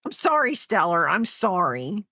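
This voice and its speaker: Crocheting on a livestream, a woman rambles slowly, her pitch swooping widely as she pokes fun at herself, laughs a lot and talks to both viewers and her dog. Her voice is sharp with a breathy edge, sounding dry and close with no echo or room around it.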